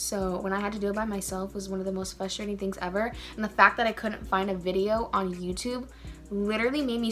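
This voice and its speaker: A young woman chatting casually as a beauty vlogger while doing her makeup, animated and playfully ranting. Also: medium pitch. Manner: chatty and animated, rants playfully with emphatic emphasis.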